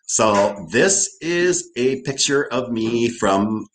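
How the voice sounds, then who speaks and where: A man's voice: mid-range voice, animated, takes it slowly, a little hiss or hum. An older man from Hawaii with a Hawaiian Pidgin accent, a guest telling stories in a casual interview, often repeating "right".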